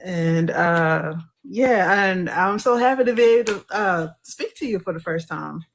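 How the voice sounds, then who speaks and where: Woman caller, from georgia, lowish voice, faint line noise. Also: gravelly. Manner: tentative, measured, with fillers. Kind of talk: phone-in call.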